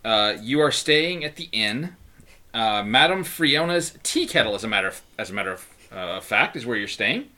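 A man's voice: medium pitch, expressive, normal speed, pushed and bright. A man running a tabletop game as game master, narrating with many fillers and frequent laughter. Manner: laughs often, lots of fillers.

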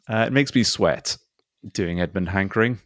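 A man's voice: lowish voice, animated, unhurried, no echo, clean studio sound. A man hosting a comedy podcast, joking in a playful, rambling way. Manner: playful, rambling, laughs often. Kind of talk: casual chat.

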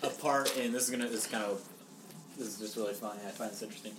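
A man's voice: on the low side, very fast. A man answering quiz questions among friends, rambling through loose explanations. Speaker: quiz contestant. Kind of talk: casual chat. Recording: roomy, distant mic with noise.

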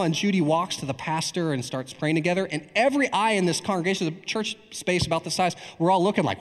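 A man preaching a storytelling sermon in a large church hall, animated, with frequent "right?" asides. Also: sits high, a little fast. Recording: long reverb in a large hall.

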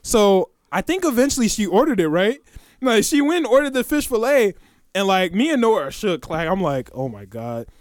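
A young man telling a funny story to a friend in casual chat, animated and often laughing. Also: high voice, normal speed, dry recording, studio quality. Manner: animated, laughing, swearing, acts out quoted voices.

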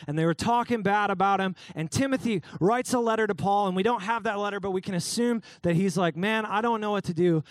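A man's voice: sits high, no room sound, studio quality. A young adult man preaching a casual, joking youth sermon, calling out listeners by name. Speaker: youth pastor.

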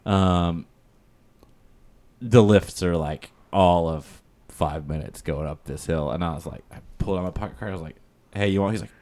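Very deep-voiced man telling stories. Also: moderate pace, mellow. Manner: rambling storyteller, lots of fillers and "he's like". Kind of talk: casual chat.

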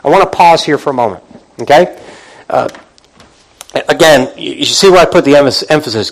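Preaching a little fast, a male pastor frequently restarts and repeats himself and calls out to the congregation. Getting fired up pushes his pitch and volume higher. The recording is low quality.

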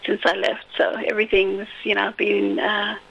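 A woman's voice: mid-range voice, monotone, normal speed, creaky, lo-fi sound, crowd noise. An Australian woman from Western Australia, a poet reading her own verse and then chatting hesitantly, with many fillers, as a guest on an interview show. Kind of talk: poetry reading and casual interview chat.

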